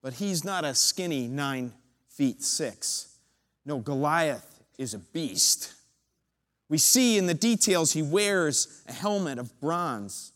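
A man preaching a sermon, retelling a story with dramatic build-up and pauses. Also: on the high side, animated, fairly bright tone, in a large hall.

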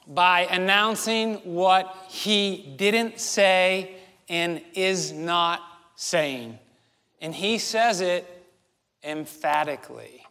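A man in his forties preaching a sermon, telling a story slowly and asking the congregation rhetorical questions. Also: high-pitched, bright, forceful tone, big-room sound. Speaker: pastor. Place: church sanctuary.

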